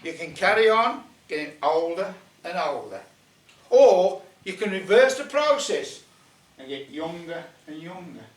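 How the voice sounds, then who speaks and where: A man's voice: a little high, big pitch swings, unhurried. An older man voicing a hungry, businesslike little male goblin in a matter-of-fact way. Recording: echoey room, mic at a distance.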